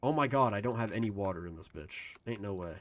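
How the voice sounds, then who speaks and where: A man's voice: fairly low pitch, expressive, fast talker. A man streaming a video game live, rambling to his chat in a loose, casual way and swearing freely. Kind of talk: casual gaming stream commentary.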